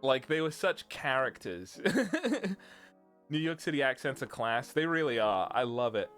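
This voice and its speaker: A man's voice: medium pitch, big pitch swings, unhurried, a bit bright, faint music behind. A young British man, a streamer, rambling through a casual chat and laughing often. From Britain.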